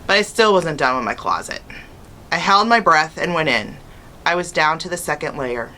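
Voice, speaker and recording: A woman teacher reads a children's chapter book aloud, telling the story in an expressive first person. Her voice sits on the low side but sounds bright and crisp. She keeps the story moving. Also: normal speed.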